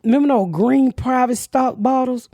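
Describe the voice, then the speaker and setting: A woman's voice: high voice, normal speed, no echo, lo-fi sound. Brash, cussing woman storyteller, dry close mic. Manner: profane, loud, laughing storytelling. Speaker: podcast host. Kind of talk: casual storytelling chat.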